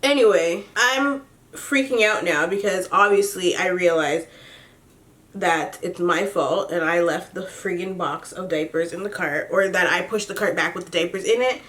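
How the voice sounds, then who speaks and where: A young woman chatting to her viewers while doing her makeup at home, telling a story in an animated way, laughing often and swearing casually. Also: fairly low pitch, moderate pace. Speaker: beauty vlogger.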